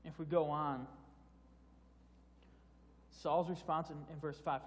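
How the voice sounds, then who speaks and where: A man's voice: fairly high pitch, steady tone, takes it slowly. A man preaching a sermon in a casual, conversational way, often restarting phrases and repeating words. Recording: long hall reverb.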